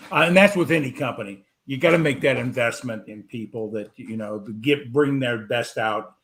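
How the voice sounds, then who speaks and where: Male host, affirming, repeats for emphasis, middle pitch. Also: normal speed, fairly bright tone. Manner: agreeable, repeats points for emphasis. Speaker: show host. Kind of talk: casual interview chat.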